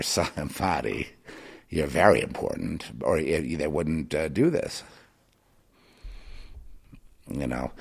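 Gravelly low-voiced man ranting. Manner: rambling and impassioned, many restarts; sarcastic, scolding the listener. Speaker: podcast host. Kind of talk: podcast monologue.

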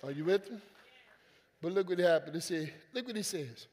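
A man preaching a sermon as senior pastor, calling out to his congregation and building to loud emphatic lines, voicing quoted people in casual vernacular. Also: high-pitched, animated, normal speed, slight background noise. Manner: acts out quoted voices in conversational vernacular. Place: church sanctuary. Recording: long reverb of a church hall.

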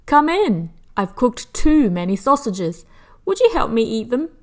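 A hospitable neighbour man from a children's book, read by a woman. He calls out his invitation heartily. The lines lift with lively swings. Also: a little high, a little slow. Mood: hearty. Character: friendly, hospitable male neighbour.

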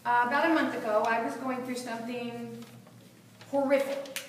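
A middle-aged woman giving a motivational talk to a live audience, animated and laughing often as she acts out inner voices. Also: a little high, brisk, a little hiss or hum. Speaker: motivational speaker. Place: seminar room with audience. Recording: echoey hall, voice from far off.

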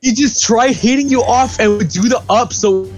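A man's voice: very high-pitched, normal speed. A young man in his teens casually trash-talking friends during a multiplayer fighting game. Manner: loud excitable trash talk. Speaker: gaming channel host. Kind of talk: casual gaming banter. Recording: voice chat over loud game music.

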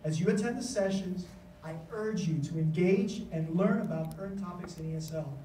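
A man giving a conference speech as an education official, telling stories in a lively way and acting out the voices he quotes. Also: sits high, normal speed, roomy sound, distant mic, slight background noise, low-quality recording. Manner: animated storytelling, acts out quoted voices. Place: conference hall.

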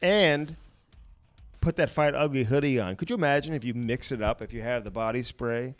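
A man co-hosting a podcast from a hotel boardroom, pitching sponsors in an upbeat, salesy, joking way. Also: normal speed, faint music behind. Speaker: podcast co-host reading sponsor ads. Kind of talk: casual podcast banter with ad reads.

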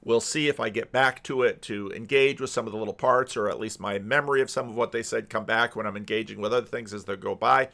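A man's voice: on the low side, fast talker, creaky, few pauses. A man hosting a commentary channel, talking casually and musing over a debate clip, restarting his sentences often. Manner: musing, restarts often, animated when he mimics others.

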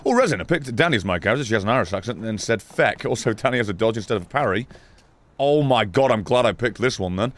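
A man giving excitable, profane, laugh-filled commentary while playing a video game. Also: on the low side, fast. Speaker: gaming YouTuber. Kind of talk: let's play commentary.

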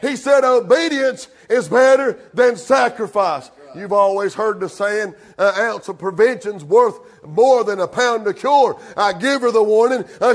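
High-voiced pastor preaching. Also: male voice. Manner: fervent preaching, calls out congregants by name; drawling with frequent "uh" and "amen". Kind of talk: sermon. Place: church sanctuary.

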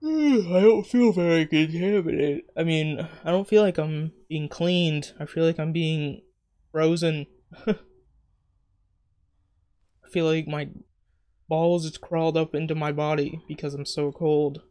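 A man's voice: on the high side, little pitch movement, a little slow, pauses often, darkish tone, smooth. A man giving casual, profane, joking commentary while playing a video game, talking to himself as he goes. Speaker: gamer. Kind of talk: casual let's-play commentary.

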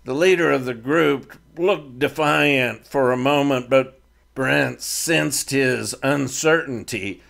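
A man narrating his own Western fiction chapter in a measured storytelling read. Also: mid-range voice, gravelly, fairly bright tone. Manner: slow, measured reading of fiction. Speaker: author and narrator. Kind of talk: scripted narration.

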